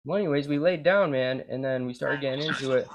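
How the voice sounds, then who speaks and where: A man's voice: medium pitch, fast talker, muffled recording, slight background noise. Rambling, profane young man. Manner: rambling, profane, says "like" and "bro" constantly. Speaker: podcast host. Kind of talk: crude casual chat.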